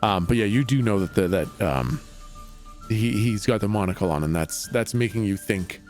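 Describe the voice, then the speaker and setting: Man GM narrating loosely, animated delivery, faint music under. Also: on the low side, moderate pace. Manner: rambling, casual, with fillers and profanity. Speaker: game master. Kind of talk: narrating a tabletop game.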